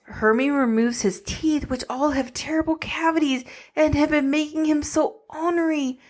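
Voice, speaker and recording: Giggly, teasing woman with a higher voice. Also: steady tone, normal speed, a little mellow. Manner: giggly, teasing, recaps plot with many restarts. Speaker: podcast co-host. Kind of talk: casual chat.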